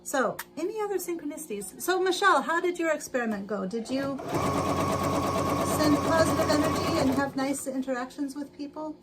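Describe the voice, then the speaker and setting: She's a sewing livestream host with a high, expressive voice that moves a little quickly. Laughing frequently, she chats with her viewers and talks through every step, while a sewing machine hums in the noisy stream audio.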